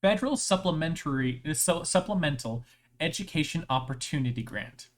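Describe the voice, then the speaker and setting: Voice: mid-range voice, expressive. A live streamer chatting casually, rambling playfully with frequent restarts and laughter. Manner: halting, with many restarts.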